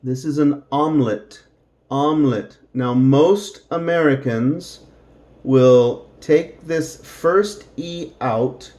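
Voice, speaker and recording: A middle-aged man teaching English slowly to Spanish speakers, repeating each word and adding Spanish glosses. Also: mid-range voice, warm tone, highs cut off.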